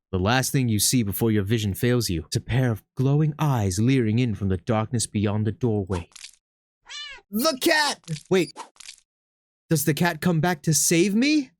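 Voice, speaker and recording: A man streaming a text horror game, reading its lines in a low, dramatic hush before leaping up into bright, excited outbursts. His pitch swings widely from line to line. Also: measured pace, a little hiss or hum. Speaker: gaming streamer.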